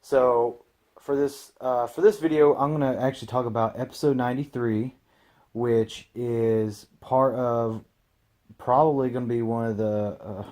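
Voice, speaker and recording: A young man hosting a casual anime commentary, rambling with many fillers and growing loudly exasperated. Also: mid-range voice.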